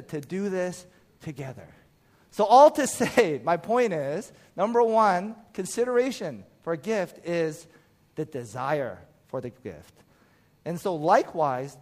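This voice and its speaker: A man in his thirties preaching a casual, conversational sermon, telling animated stories and acting out quotes. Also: high-pitched. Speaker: pastor.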